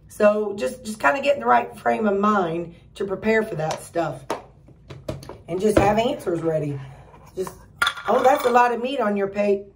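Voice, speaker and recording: A woman's voice: far from the mic, background noise. A middle-aged woman giving a rambling, casual pep talk to her viewers, full of fillers and restarts. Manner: acts out quoted relatives in a higher voice. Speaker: weight-loss vlogger.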